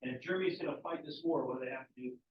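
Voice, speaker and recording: A man's voice: medium pitch, very fast. A male teacher giving a casual history lecture to a class, asking students questions as he goes. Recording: echoey, distant, muffled classroom recording.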